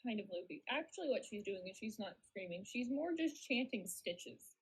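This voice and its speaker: A woman's voice: mid-range voice, expressive, normal speed, slightly rough, poor audio. A woman co-hosting a game stream, chiming in with short, casual remarks and asides. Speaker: co-host. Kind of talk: casual chat while gaming.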